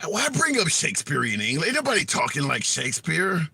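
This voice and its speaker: Gravelly, bright-toned talkative man. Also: on the high side, huge pitch swings, fairly quick, a little hiss or hum. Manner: blunt, colloquial, laughs at his own jokes. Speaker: livestream host taking callers. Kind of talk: casual opinionated livestream chat.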